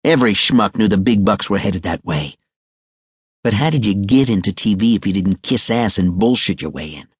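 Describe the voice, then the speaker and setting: A man's voice: lowish voice, lively intonation, normal speed, breathy edge, no echo, clean studio sound. A man narrating a crime audiobook with a wry, sardonic delivery. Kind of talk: scripted noir narration.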